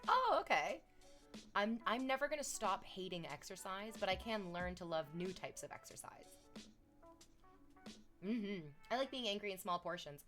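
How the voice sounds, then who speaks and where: A woman's voice: medium pitch, a bit bright. A woman streamer chatting casually and sarcastically, reading chat messages aloud.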